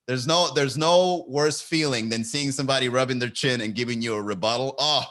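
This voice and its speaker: A man's voice: mid-range voice, fairly quick, a bit bright. A man hosting a comedy podcast, riffing casually, often laughing and swearing freely.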